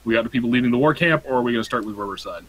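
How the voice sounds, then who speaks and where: A man's voice: medium pitch, very fast, husky, rough recording. A young man acting as game master, recapping a tabletop campaign in a laid-back, profane, joking way. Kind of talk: casual tabletop game narration.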